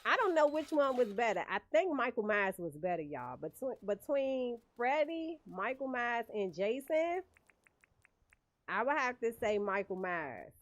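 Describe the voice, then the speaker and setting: A woman's voice: fairly high pitch, big pitch swings, unhurried, no room sound. A woman streaming a game, chatting casually with viewers and laughing often. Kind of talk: casual livestream chat while gaming.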